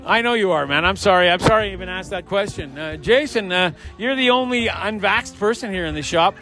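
A man's voice: high-pitched, a little fast, bright, forceful tone. A man hosting a casual podcast among friends in a garage shop, joking and rambling as he interviews people, with music playing behind him. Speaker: host. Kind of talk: casual party podcast chat.

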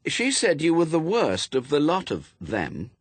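A man reading aloud, voicing a tearful young woman who speaks softly and stammers. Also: a little high, huge pitch swings, measured pace, breathy edge, no room sound, pitched above the performer's own voice, heavily acted. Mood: brightening. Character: young woman, tearful, shy then brightening.

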